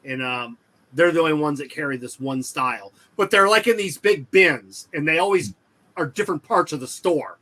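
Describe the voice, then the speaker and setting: A man's voice: fairly high pitch, moderate pace, bright, forceful tone. A man co-hosting a casual podcast chat, telling a rambling anecdote and quoting both sides of the conversation. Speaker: podcast co-host.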